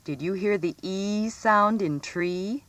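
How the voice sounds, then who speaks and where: A woman reading a scripted phonics lesson for children, stressing each example word clearly. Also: medium pitch, fairly bright tone. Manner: slow, clearly enunciated, sing-song emphasis on example words. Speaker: teacher.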